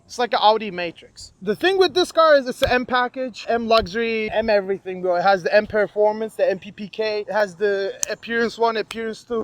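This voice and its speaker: High-voiced, slangy young car reviewer. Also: male voice. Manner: slangy and joking, says "bro". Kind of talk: casual car review vlog.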